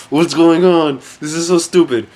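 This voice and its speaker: A man's voice: medium pitch, a little hiss or hum. A man giving casual, profane reaction commentary while watching an anime episode, often exasperated and sarcastic.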